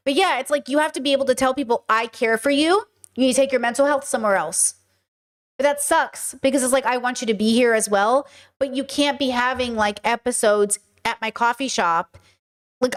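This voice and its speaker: A young woman with a high-pitched voice chats casually on a live stream. She rambles, fills her sentences with "like", and talks straight to her viewers in an emotional way. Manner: rambling, emotional, talks to chat, many fillers. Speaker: podcast host streaming live.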